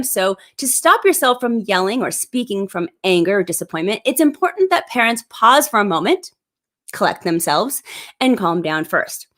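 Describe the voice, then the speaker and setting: A woman in her thirties hosting a live parenting advice show, explaining tips in a clear, upbeat way into a plug-in microphone. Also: a little high, very animated, normal speed, fairly bright tone.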